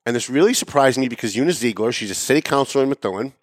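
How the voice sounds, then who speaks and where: A male show host delivering an opinionated political commentary monologue at an average pitch. His tone is sarcastic and emphatic, jumping up for pointed jabs and dropping into low muttered asides. The recording is close and dry. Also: very fast, dry recording. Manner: swings between loud raised emphasis and low muttering.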